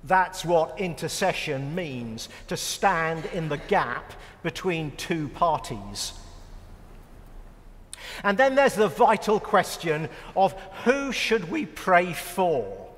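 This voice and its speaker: Wry British preacher, slow and high. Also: male voice, big pitch swings, fairly bright tone, in a large hall. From United Kingdom. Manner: wry, self-mocking humor. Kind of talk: sermon.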